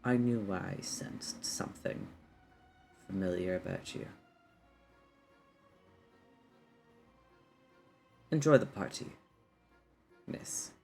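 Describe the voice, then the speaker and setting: A man's voice: lowish voice, monotone, faint music behind, voice pushed down, close to an everyday voice. A man doing a guarded man in whispered role-play. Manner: curt, quiet, measured.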